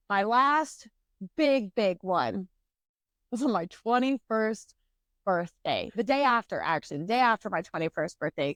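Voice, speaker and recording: A woman in her twenties co-hosting a podcast, telling a story in casual, animated chat and swearing freely. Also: a little high, dry recording. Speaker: podcast co-host.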